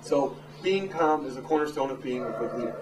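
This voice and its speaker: A man in his thirties, a dog trainer, giving a casual, animated talk to a live audience. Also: mid-range voice, brisk. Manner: animated, acts out quotes in raised voices. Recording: echoey room from far off, noisy.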